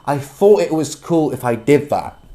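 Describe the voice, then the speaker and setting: A man's voice: fairly high pitch, lively intonation. Earnest young man preaching to camera. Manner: earnest, preachy, slow and emphatic, bursts into yelling. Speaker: self-development vlogger. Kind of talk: passionate personal monologue.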